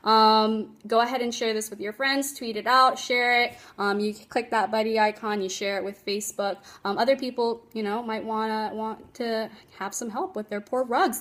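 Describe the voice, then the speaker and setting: A woman's voice: a little high, fairly even intonation, normal speed, hardly any pauses, a bit bright. A woman dog trainer giving casual tips on a phone livestream, chatty and emphatic, laughing often.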